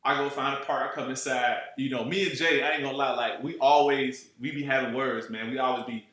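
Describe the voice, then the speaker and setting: A man from Chicago telling a road-trip story in a casual, animated way, cursing freely, full of slang and asides. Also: medium pitch, a little fast. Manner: animated, profane, streetwise slang, keeps asking "you know what I'm saying". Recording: very echoey room.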